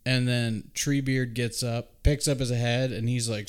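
A man's voice: medium pitch, level tone, a little slow. A man hosting a casual podcast chat, retelling a movie scene with profane asides and acted-out quotes. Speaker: podcast host.

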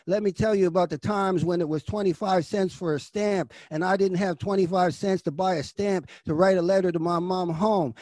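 A middle-aged man, an actor and coach, giving impassioned motivational talk as a guest, swinging from loud urging to hushed intensity. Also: sits high, no room sound, studio quality.

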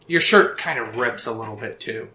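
Bright-voiced tabletop storyteller. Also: mid-range voice, animated, moderate pace. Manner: descriptive, matter-of-fact narration. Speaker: storyteller, game master. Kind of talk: narrating a tabletop role-playing game. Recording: roomy echo.

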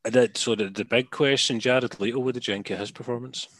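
A man's voice: mid-range voice, fairly even intonation, brisk, fairly bright tone, dry recording. Man, keen film chat, swears a lot, stammery restarts, dry close sound. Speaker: film podcast co-host. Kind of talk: casual film review chat.

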